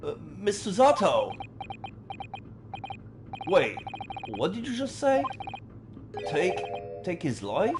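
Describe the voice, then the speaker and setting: A man dubbing a game live, voicing a confused young man in a high, startled voice. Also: sing-song, slow, over loud music, full character voice. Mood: panicked.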